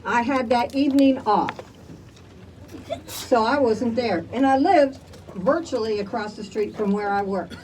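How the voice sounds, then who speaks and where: A woman's voice: on the high side, unhurried, a little mellow, far from the mic, slight background noise, rough recording. An older woman from Chicago, speaking emphatically to a crowd at an outdoor community rally. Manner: emphatic, rallies the crowd with "all right?". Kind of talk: impassioned public testimony.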